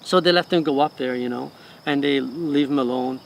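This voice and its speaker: This middle-aged man directs a wellness center and tells stories in conversation, acting out the voices of the people in them with animated flair. His mid-range voice is creaky and moves at a moderate pace, with a little hiss or hum in the background.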